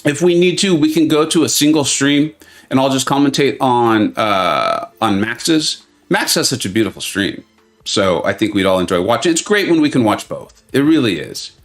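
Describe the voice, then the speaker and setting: A man's voice: mid-range voice, sing-song, moderate pace. A man hosting a game-tournament watch party live stream, chatting casually and greeting viewers by name with self-mocking humor. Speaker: livestream host.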